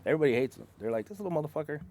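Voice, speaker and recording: A man's voice: on the high side, lively intonation, racing, warm tone, slight background noise. A man in casual bar talk, telling profane stories about his job as a concrete truck driver and acting out his coworkers.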